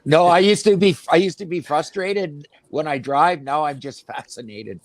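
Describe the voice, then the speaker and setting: A man's voice: a little high, moderate pace, no echo. A man in a casual podcast chat who jokes and laughs easily.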